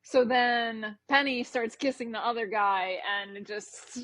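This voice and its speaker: A woman's voice: fairly high pitch, measured pace, a bit bright, dry recording, poor audio. A woman co-hosting a casual chat about a TV episode, giggling and chatty. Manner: chatty, giggly, many "like" fillers. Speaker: podcast co-host.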